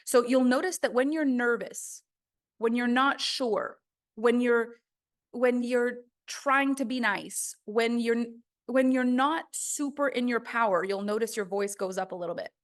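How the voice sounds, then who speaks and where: A woman's voice: a little high, a little slow. A woman teaching a course on the voice in a casual, chatty way, full of "like" fillers. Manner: chatty, conversational, many "like" fillers.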